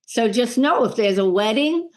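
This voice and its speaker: A middle-aged woman, a medium, telling lively stories in a podcast interview and acting out the voices of the people in them. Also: fairly high pitch, normal speed. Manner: animated, acts out voices in her stories. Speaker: medium and spiritual healer, guest.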